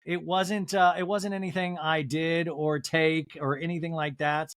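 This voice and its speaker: A man mimicking a defensive, straight-talking woman in a flat, near-natural voice. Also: fairly high pitch, a little slow, clean tone.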